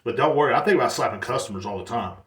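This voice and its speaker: A man's voice: mid-range voice, expressive, rapid-fire, fairly bright tone. A man hosting his own podcast, ranting casually with lots of swearing and "like" fillers. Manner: profane, rambling, heavy on "like" fillers. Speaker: podcast host. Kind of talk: casual solo podcast rant. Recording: echoey room.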